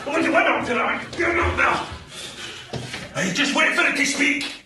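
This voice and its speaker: An actor with a Scottish accent playing a man who keeps shouting floor numbers at a lift in a sketch. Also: very high-pitched, normal speed, crowd noise, background noise. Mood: insistent. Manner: insistent, shouting. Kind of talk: TV sketch comedy. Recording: echoey, far off, with audience laughter.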